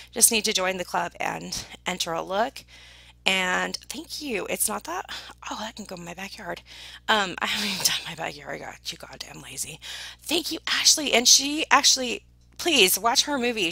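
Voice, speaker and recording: A woman in casual chat with her viewers, gushing and excitable, thanking people by name and now and then dropping into a whisper. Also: medium pitch, vocal fry, husky, no room sound. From United Kingdom. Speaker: vlogger opening viewer gifts.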